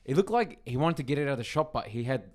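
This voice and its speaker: Guy telling a story on a podcast, gets animated, stumbles over words. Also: medium pitch, fast talker. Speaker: podcast co-host. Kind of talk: casual chat, storytelling.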